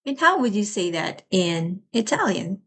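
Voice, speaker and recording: A woman teaching a live language lesson, explaining patiently and repeating each phrase slowly. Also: mid-range voice, big pitch swings, fairly bright tone, slightly rough.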